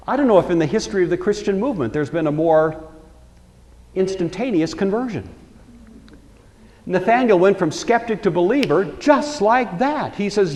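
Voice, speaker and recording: A man's voice: sits high, big pitch swings, normal speed, darkish tone, long reverb tail. A man teaching a Bible lecture in a conversational storytelling way, acting out the quoted lines.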